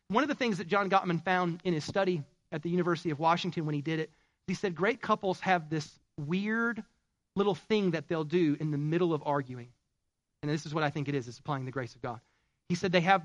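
A man's voice: high voice, dry recording. A man preaching a sermon as pastor, talking conversationally and building to fervent call-and-response.

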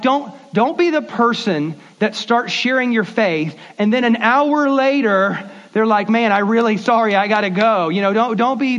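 Male pastor, high-pitched, relaxed conversational sermon delivery with stutters and acted-out dialogue; muffled lo-fi recording. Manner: conversational, repeats words, acts out quick dialogues. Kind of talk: casual sermon. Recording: dull lo-fi sermon audio.

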